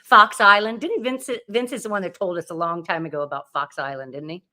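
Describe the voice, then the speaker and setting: A woman's voice: lowish voice, brisk, sharp tone. A woman in casual conversation who laughs easily and swears casually. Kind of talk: casual chat.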